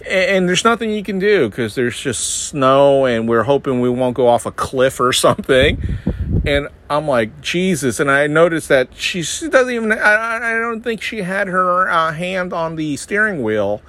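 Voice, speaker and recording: A man's voice: lively intonation, normal speed, a bit bright. Male podcast host, Northeastern US, casual rambling monologue, wry and self-mocking. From Northeastern United States. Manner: rambling, self-deprecating, jumps into high-pitched mocking voices for others.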